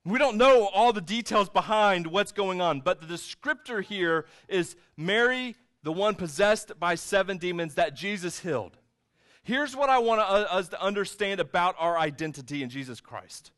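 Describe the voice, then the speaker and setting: A man's voice: high voice, lively intonation, normal speed, a bit bright. A man, a pastor, preaching a sermon in a church and retelling the scene in a casual, storytelling way. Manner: conversational storytelling, retelling scenes in his own words. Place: church sanctuary with a screen.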